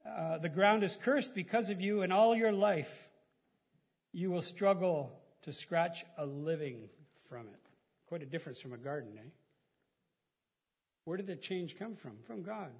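A middle-aged pastor preaches in a relaxed, folksy way, chuckling as he goes. His voice sits high and has a husky edge. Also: a little slow. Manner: chatty, folksy, laughs at own stories, many restarts. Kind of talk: casual conversational sermon.

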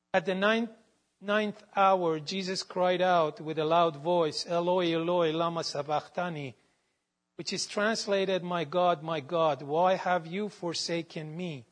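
High-voiced man teaching slowly on scripture. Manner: measured, quotes scripture verses with references. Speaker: Bible teacher. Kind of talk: slow devotional Bible teaching.

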